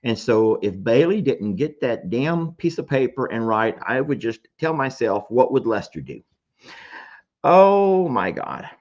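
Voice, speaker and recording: A man's voice: medium pitch, animated, normal speed, hardly any pauses, darkish tone, muffled recording. A man telling a story to his audience in casual chat, emotional and self-deprecating.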